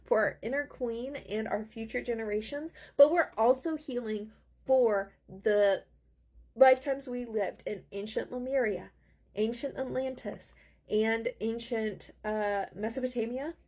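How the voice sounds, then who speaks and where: Woman, spiritual mentor type, husky and breathy, gentle earnest rambling tarot-reading delivery. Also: on the high side, measured pace.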